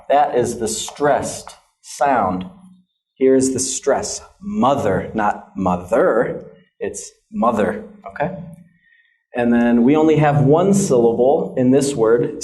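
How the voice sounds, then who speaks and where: A man's voice: medium pitch, warm tone. An American man teaching English pronunciation, demonstrating vowel sounds and checking in with "okay?" after nearly every point. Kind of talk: classroom pronunciation lesson.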